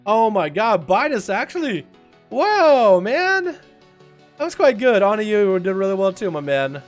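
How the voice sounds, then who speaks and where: A young man with an American accent, Russian by birth and first language, hosting a live game stream with quick, excitable play-by-play and frequent laughs. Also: sits high, faint music behind. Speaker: livestream host. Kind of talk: live game commentary and chat. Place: hot home room.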